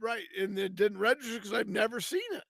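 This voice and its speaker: A man arguing his point in rambling, profane podcast banter. His voice is quite high for a man, and it sounds close and dry. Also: fairly quick, gravelly, sharp tone, no room sound. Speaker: podcast co-host.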